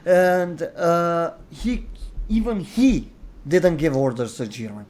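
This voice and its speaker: A man's voice: a little high, lively intonation, slow pace, a little mellow. Opinionated man arguing his case. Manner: opinionated, explains at length, quotes characters. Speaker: host. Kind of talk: casual discussion.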